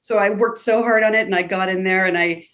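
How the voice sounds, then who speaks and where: A woman actor telling a long story on a video call, chatty and animated, acting out what people said. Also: medium pitch, a little fast. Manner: animated, chatty storyteller who acts out quotes.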